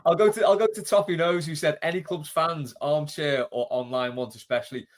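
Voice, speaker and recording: A man's voice: on the high side, a little fast. A man hosting a podcast, reading out listener questions and teasingly moving the chat along. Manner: teasing, moves the talk along. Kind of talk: casual chat.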